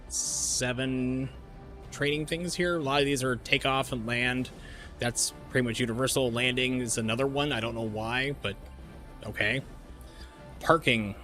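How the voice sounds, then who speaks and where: A man's voice: medium pitch, pushed and bright. Rambling middle-aged man streaming a game. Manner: rambling storyteller with many fillers. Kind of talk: casual chat while gaming.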